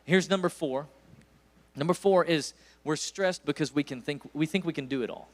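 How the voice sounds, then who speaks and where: Preaching as a guest, this East Tennessee man in his forties tells stories in a folksy way that builds to emphatic peaks. He talks at a normal speed in a slightly high voice.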